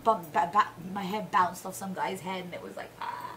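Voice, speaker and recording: A woman, chatting casually as a guest and telling animated stories with frequent laughter. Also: fairly low pitch, fairly quick, slight background noise, low-quality recording. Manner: animated storyteller, laughs often. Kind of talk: casual chat.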